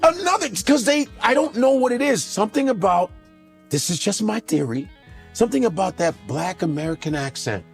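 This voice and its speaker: A man in a casual podcast chat, ranting in a profane, joking, animated way. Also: high voice, moderate pace, creaky, soft background music.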